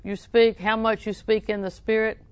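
A woman's voice: a little high, little pitch movement, normal speed, clean tone, no echo. A woman preaching a sermon, telling folksy stories with frequent laughs and repeating scripture lines for emphasis.

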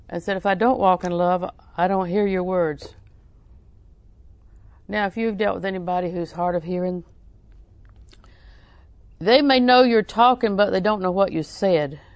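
A woman's voice: lowish voice, gravelly, dry recording. Woman preaching with folksy laughter. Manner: folksy storytelling with frequent laughs; emphatic repetition of scripture. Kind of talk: sermon.

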